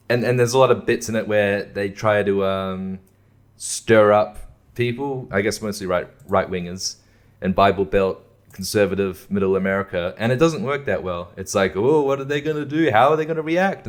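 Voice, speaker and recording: A young man with a fairly low voice rants about movies, swearing freely and breaking into laughs. His talk is loose and sarcastic, the casual style of a podcast host. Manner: profane, sarcastic, laughs often. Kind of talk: casual rant.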